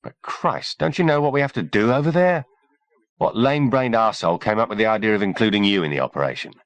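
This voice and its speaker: A man voicing a gruff, sarcastic army sergeant in his mid-thirties who trades growling banter. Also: fairly low pitch, expressive, quick pace, no room sound. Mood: irritated.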